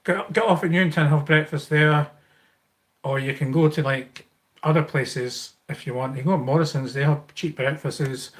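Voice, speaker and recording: A man's voice: on the high side, flat delivery, moderate pace. A middle-aged Scottish man hosting a live Q&A stream, talking in a rambling way with many fillers and restarts as he thanks viewers. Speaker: YouTube channel host.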